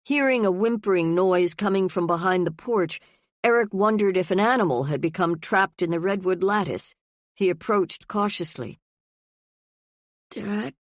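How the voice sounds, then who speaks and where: Audiobook narrator, woman, lowish voice, steady delivery, dry close sound. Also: moderate pace, no room sound. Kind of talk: scripted narration.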